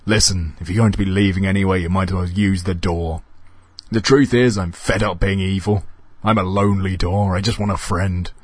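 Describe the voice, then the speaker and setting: A man's voice: on the low side, normal speed, few pauses, fairly bright tone, husky, dry recording. A man voicing a gloating, cackling haunted door that turns out to be lonely. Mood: pleading. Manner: gloating, then whiny and pleading.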